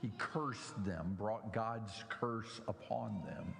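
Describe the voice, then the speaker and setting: A man's voice: lowish voice, slow, creaky, fairly bright tone, in a large hall, a little hiss or hum. A middle-aged man preaching a sermon in a church, animatedly mocking the scoffers in his story.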